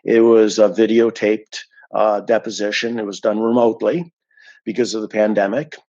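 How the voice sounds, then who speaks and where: A man's voice: lowish voice, level tone, moderate pace, darkish tone, lo-fi sound. A man giving an indignant, emphatic account of a complaint as an unhappy client, stressing and repeating his points. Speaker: dissatisfied client giving a review.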